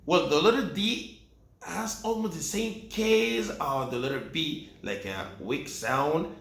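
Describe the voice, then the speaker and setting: A man from Latin America teaching pronunciation, repeating syllables and words slowly for practice. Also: on the high side, very animated, fairly bright tone. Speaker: Spanish teacher. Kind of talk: pronunciation lesson. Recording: echoey room with faint ambient noise.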